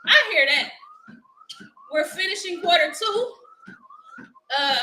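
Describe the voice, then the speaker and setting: A woman's voice: very high-pitched, lively intonation, moderate pace, long pauses, bright, forceful tone, reverberant, slight background noise, poor audio. A woman, hosting a casual live motivational chat, upbeat and laughing often as she talks to viewers. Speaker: livestream host.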